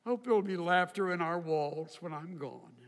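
An older man preaching a sermon in a slow, reflective way, with emphatic rises. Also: high-pitched. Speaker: pastor. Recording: hall reverb.

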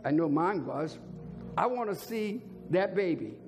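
An older man preaching a sermon as a bishop, driving points home by repeating words and rising to shouts. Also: high-pitched, animated, a little slow. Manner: emphatic repetition, rising to shouts. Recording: long hall reverb, faint organ music.

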